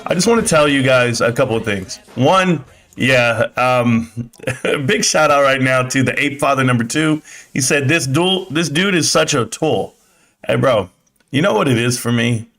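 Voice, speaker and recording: A man's voice: mid-range voice, normal speed, a bit bright. Blunt, swaggering male livestream host. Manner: blunt, swaggering, mocking critics. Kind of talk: casual livestream rant.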